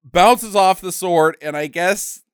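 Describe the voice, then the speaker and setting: A woman co-hosting a podcast, recapping a movie in casual chat, animated and mocking and swearing freely. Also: on the low side, takes it slowly, clear, resonant tone, no echo, clean studio sound. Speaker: podcast co-host.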